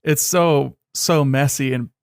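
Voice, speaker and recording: A young man co-hosting a podcast, sardonic and profane, often dropping into a low, dismissive mutter. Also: steady tone, slow pace, creaky, smooth, no room sound, studio quality. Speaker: podcast co-host. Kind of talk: casual chat.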